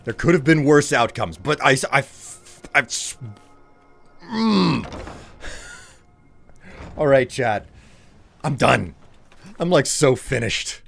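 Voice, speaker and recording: A man's voice: medium pitch, expressive, slow, creaky, long pauses, a bit bright, faint music behind. A man streaming a game live, exasperated and swearing, teasing his chat.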